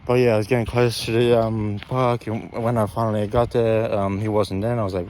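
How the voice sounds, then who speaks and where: A man's voice: on the low side, level tone, fairly quick, few pauses, a little mellow, slight background noise. A young man telling a story in a casual, rambling way, often repeating and correcting himself.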